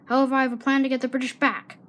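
A woman's voice: high-pitched, level tone, racing, a little hiss or hum. A woman voicing a weary pirate captain. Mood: somber. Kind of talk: amateur film voice acting. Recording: voice over loud orchestral strings.

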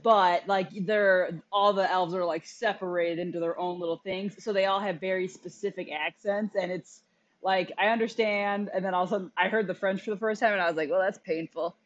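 A woman co-hosting a podcast in casual chat, blunt, animated and opinionated. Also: medium pitch, brisk, highs cut off. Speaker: podcast co-host.

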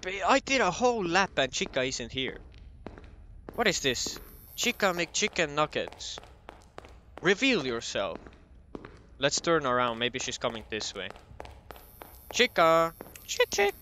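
A man's voice: fairly high pitch, sing-song, unhurried, long pauses, pushed and bright, slight background noise. A young man doing casual commentary on a horror game, joking and swearing as he talks to the game characters. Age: young adult. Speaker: gameplay commentator.

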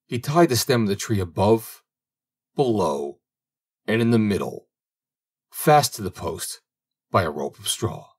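Male audiobook narrator for a fairy tale; low, husky, lively intonation. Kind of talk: storybook narration.

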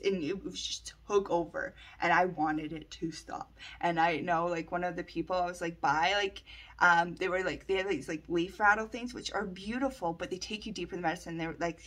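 Husky lower-pitched woman, 30s, animated storytelling vlog, lots of "like" and "right?". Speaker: vlogger. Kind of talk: personal storytelling to camera.

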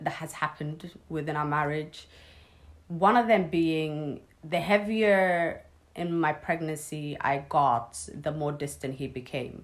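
A young woman telling a personal story in a casual vlog, blunt, sarcastic and swearing freely. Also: low-pitched. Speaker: vlogger.

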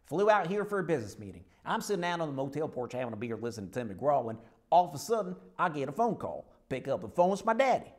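A man's voice: a little high, very animated, quick pace, darkish tone. An actor playing a Lebanese man who suddenly talks with a folksy American Southern drawl, bewildered at himself. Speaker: patient. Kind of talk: comedy sketch acting.

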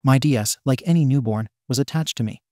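Mellow-voiced man reading a story. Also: mid-range voice, a little fast, dry recording, studio quality. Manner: reads abbreviations letter by letter. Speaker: narrator. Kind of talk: reading a forum story aloud.

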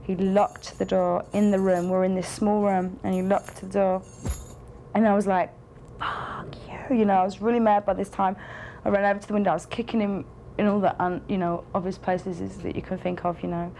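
A woman's voice: mid-range voice, level tone, a little fast, creaky, mellow, slight background noise, close to an everyday voice. A woman playing a frank, rambling storyteller. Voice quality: rambling, heavy fillers and swearing. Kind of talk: casual rambling anecdote.

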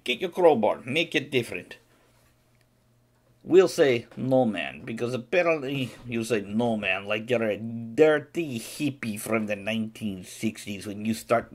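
A man playing a boastful, vodka-loving Russian from Siberia, speaking broken English with a Russian accent in rambling deadpan jokes. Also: lowish voice. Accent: Russian, put on. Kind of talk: comedic character monologue on a live stream.

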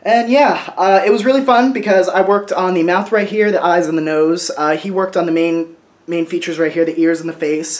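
Rambling, sentimental young man vlogging. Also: fairly high pitch. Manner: rambling, sentimental, many fillers and restarts. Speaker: vlogger showing family artwork. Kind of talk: casual show-and-tell vlog. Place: at home, indoors.

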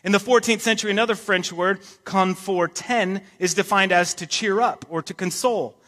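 A man's voice: high voice, moderate pace, sharp tone, in a large hall. A man preaching a sermon, talking in a casual way with joking asides and reading scripture with emphasis. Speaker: pastor. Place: church sanctuary.

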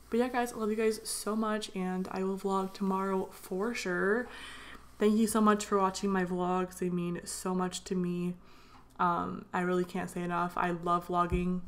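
A tired young woman vlogger in a casual voiceover, rambling excitedly with lots of fillers. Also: mid-range voice. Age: young adult. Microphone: voiceover mic.

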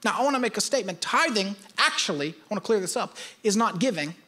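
A man's voice: sits high, expressive, fast, sharp tone. A male pastor preaching, emphatic and teaching, repeating his key points. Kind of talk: sermon.

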